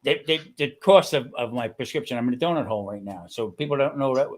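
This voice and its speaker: A man's voice: mid-range voice, fast talker. Older man rambling through a story. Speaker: guest. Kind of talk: casual chat.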